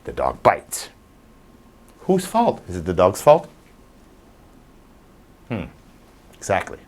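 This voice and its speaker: A dog trainer speaks informally to a live audience in a low-pitched, slow voice. He is animated, acting out scenes using little voices.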